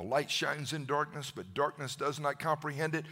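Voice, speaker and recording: A male preacher delivering a sermon with fervent drive and frequent stammered restarts. His voice is bright and forceful, and it sits a bit high for a man. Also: moderate pace.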